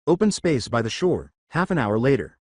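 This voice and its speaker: A man giving a steady, scripted narration of a fan-written story. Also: medium pitch, moderate pace, no room sound, studio quality.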